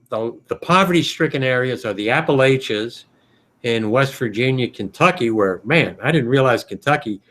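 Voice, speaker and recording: A man from the United States hosting a casual video call chat, thinking aloud with many pauses and fillers. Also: medium pitch, a bit bright. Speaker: podcast host.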